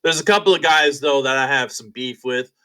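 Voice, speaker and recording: A young man, a fighter guest on an interview show, telling stories in a casual, animated, profane way and acting out other people's lines. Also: medium pitch, a little fast, smooth, low-quality recording. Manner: animated, profane, acts out quotes.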